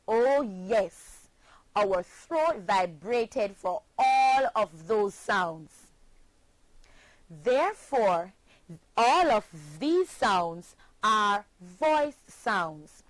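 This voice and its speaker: Very slow, deliberate woman teacher. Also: medium pitch, animated, no room sound, rough recording. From Jamaica. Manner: slow and deliberate, spelling words letter by letter. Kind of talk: scripted lesson narration.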